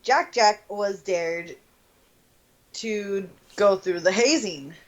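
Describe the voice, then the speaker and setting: A woman's voice: mid-range voice, drawn-out words. A woman chatting casually on a podcast, telling rambling stories full of fillers. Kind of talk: casual chat. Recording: dull lo-fi sound.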